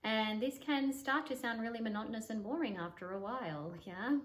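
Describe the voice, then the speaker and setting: A woman voice coach with a fairly high voice teaches to camera. She demonstrates exercises by moving her voice up and down in pitch and volume. The sound carries a roomy echo. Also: fairly quick. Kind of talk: instructional talk to camera.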